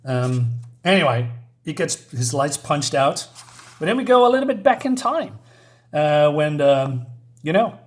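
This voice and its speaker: A man's voice: a little high, very animated, a little slow. A man casually reviewing an old comic book, rambling with many fillers.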